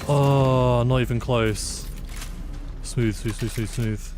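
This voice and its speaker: A man's voice: mid-range voice, fairly even intonation, slow, background noise. A man from the UK casually commentating a game as a live streamer, reacting with sudden exclamations and chatting with viewers. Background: game music.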